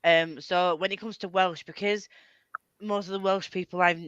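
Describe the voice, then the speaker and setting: A woman rambles through a casual chat with friends, breaking into giggles often. Her voice is bright and forward, caught close in a dry space with a slightly dull, lo-fi quality. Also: on the low side, fairly even intonation, normal speed, no room sound. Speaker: channel host. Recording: dull lo-fi sound.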